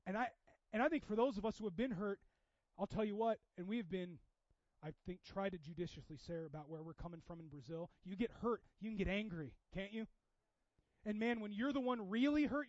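A man with a high voice preaches a sermon in a chatty, conversational way. He swings from loud exhortation down to quiet asides. The sound is dull and dry, with no room around it. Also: fairly quick, no echo. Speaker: pastor.

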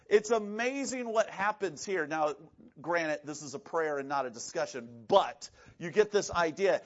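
Animated high-voiced male preacher. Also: a little slow. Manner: animated, acts out quoted voices, shifts between loud and hushed. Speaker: pastor. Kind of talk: sermon. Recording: dull lo-fi sound.

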